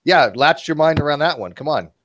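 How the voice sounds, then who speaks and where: A man chatting casually in an online commentary show, joking and animated. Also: a little fast, dry recording. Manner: animated, joking, swings in pitch.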